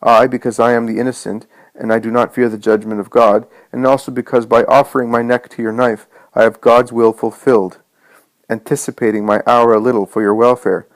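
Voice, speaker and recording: Man reading a gentle loving savior, solemn and tender, mid voice, dry close sound. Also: mid-range voice, little pitch movement, brisk, dry recording, close to an everyday voice, low-quality recording.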